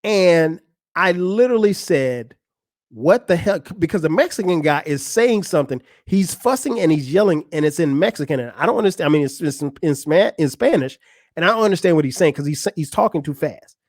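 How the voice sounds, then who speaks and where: A man's voice: fairly high pitch, fast talker, dry recording, clean studio sound. A man hosting a podcast, telling a funny story in a casual, profane way and acting out what other people said. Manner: animated, profane, acts out other people's lines. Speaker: podcast host. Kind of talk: storytelling monologue.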